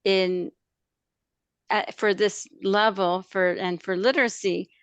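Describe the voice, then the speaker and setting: Woman, language instructor, webinar discussion, hesitant restarts, fry in the voice. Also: mid-range voice, steady tone, slow, no room sound, highs cut off. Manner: hesitant, lots of fillers and restarts. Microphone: video call.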